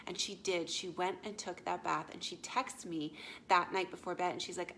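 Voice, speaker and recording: A woman life coach speaking casually to viewers, often checking in with a quick "yeah?" or "okay?" and retelling stories with animated asides. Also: fairly low pitch, slight background noise. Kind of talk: casual live talk to viewers.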